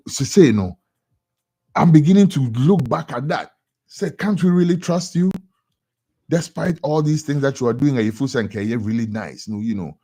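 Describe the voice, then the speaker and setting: Animated, husky Ghanaian radio commentator man. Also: mid-range voice. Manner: animated, code-switching, repeats words for emphasis. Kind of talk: editorial commentary.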